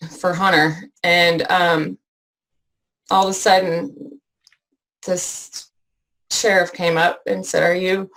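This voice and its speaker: Woman guest, slow gravelly delivery, halting, tearful testimony. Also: lowish voice, a bit bright, poor audio. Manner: halting, many fillers and restarts. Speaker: interview guest. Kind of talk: emotional personal testimony.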